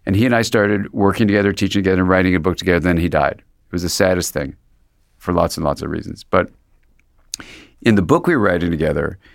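Deep, gravelly-voiced man musing aloud. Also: quick pace, no echo, studio quality. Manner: thoughtful, meandering, with frequent restarts. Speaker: psychiatrist and guest. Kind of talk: reflective conversational interview.

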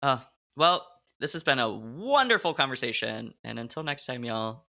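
A man hosting a podcast, relaxed and reflective, with plenty of "like" fillers. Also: medium pitch, normal speed, vocal fry. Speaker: podcast host. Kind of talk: casual chat.

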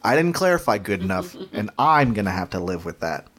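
Animated, playful male podcast co-host. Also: lowish voice, fairly quick. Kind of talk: casual chat.

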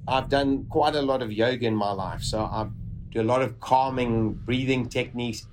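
A man vividly recounting a personal survival story, with dramatic pauses. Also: medium pitch, fairly even intonation, a little hiss or hum.

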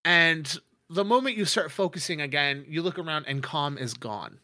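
A man's voice: fairly high pitch, lively intonation, normal speed, sharp tone, slight background noise. A man narrating a tabletop game as game master, rambling with many fillers.

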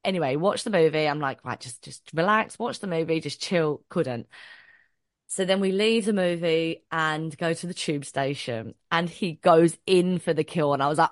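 A woman, co-hosting a podcast and telling an animated story full of swearing and acted-out quotes. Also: low voice, normal speed, no room sound, clean studio sound. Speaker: podcast co-host. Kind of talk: casual storytelling chat.

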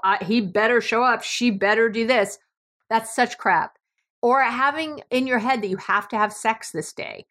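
A woman's voice: medium pitch, fairly bright tone. Middle-aged woman, New York accent, blunt and emphatic, podcast host, swears freely. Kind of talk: motivational podcast monologue.

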